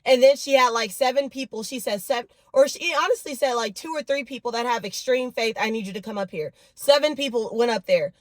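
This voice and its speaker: A woman vlogging casually to camera about her week, her voice hoarse and nearly gone, with expressive bursts of excitement. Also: sits high, no echo. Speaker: fitness and faith vlogger. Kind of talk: casual vlog chat to camera.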